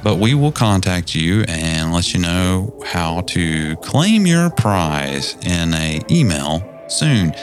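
Podcast co-host, Southern man, low and animated, teasing, faint music bed. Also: slow pace, few pauses. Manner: playful, teasing. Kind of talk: casual podcast chat.

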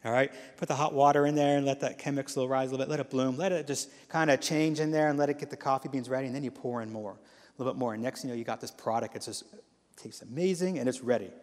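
A man's voice: medium pitch, fairly even intonation, fast, darkish tone. A man in his thirties giving a sermon as a guest preacher in a church. He talks in a casual, storytelling way, full of asides. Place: church sanctuary. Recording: long hall reverb.

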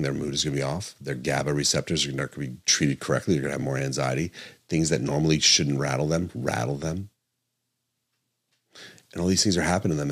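A man's voice: rumbling low, a bit bright. A middle-aged man, a doctor hosting a podcast, talking earnestly and emphatically, repeating his points and correcting himself aloud. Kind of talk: podcast monologue.

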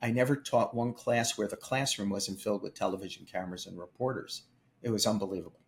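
Animated older man telling stories. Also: on the low side, fast, slight background noise. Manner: animated, emphatic storyteller. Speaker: film producer. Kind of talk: storytelling interview.

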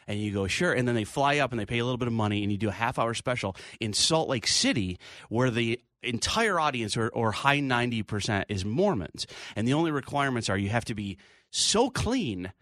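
Animated storytelling comedian, a man. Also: mid-range voice, a little fast, no echo, studio quality. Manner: animated, acts out quoted voices. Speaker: comedian guest. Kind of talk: casual chat, storytelling.

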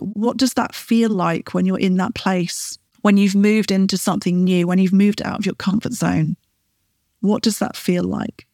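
A woman's voice: mid-range voice, fairly even intonation, moderate pace, warm tone, dry recording. Encouraging woman coach, dry close sound. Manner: encouraging, often checks in with "right?". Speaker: podcast host and wellbeing coach. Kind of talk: coaching talk with guided breathing.

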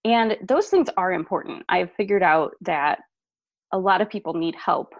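A woman with a lowish voice tells her story as a guest on an interview show, animated and quick to laugh. The sound is dull and a little lo-fi, with a dry, close feel. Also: dry recording. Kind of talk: podcast interview.

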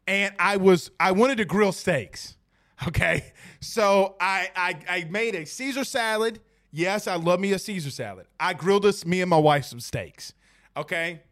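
A man with a high, fairly bright voice hosts a casual sports podcast, speaking directly to his listeners with animation and plenty of jokes.

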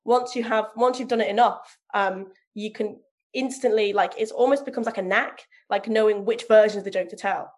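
A woman's voice: mid-range voice, steady tone, normal speed, a little mellow. A woman from England in casual conversation, talking about comedy and improv with frequent laughs and filler words. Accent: neutral southern English. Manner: chatty, laughs often, many ums. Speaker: podcast guest, comedian. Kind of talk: casual chat.

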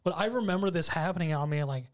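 A man's voice: a little high, fast talker. A man in casual conversation, reacting with short, laid-back comments and chuckles. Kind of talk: casual chat.

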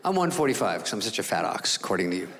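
A middle-aged man performing a stand-up routine, telling a self-mocking story in a sarcastic way with quick voices for others. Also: fairly low pitch, very animated, a bit bright. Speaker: stand-up comedian. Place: large theater stage before a laughing audience. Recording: live hall with crowd noise.

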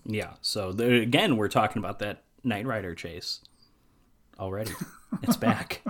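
Low-voiced man running the segment. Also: measured pace, fairly bright tone. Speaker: podcast co-host. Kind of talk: casual chat.

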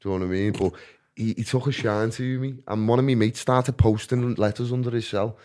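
A man's voice: medium pitch, steady tone, fairly quick, warm tone. A man telling stories as a guest in a casual chat, laughing often and often asking "do you know what I mean".

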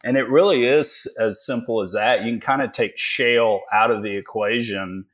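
A man from Texas in his forties, guesting on a casual interview as an energy investor, uses a mid-range, somewhat bright voice at normal speed. His storytelling is folksy and jokey, with lots of filler words.

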